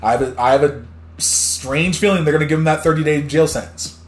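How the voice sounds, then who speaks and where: In an echoey room with faint music behind him, a New Jersey podcast host angrily rants about current events using short, blunt, cursing lines. His pitch is fairly high and he talks a little fast, as casual news commentary.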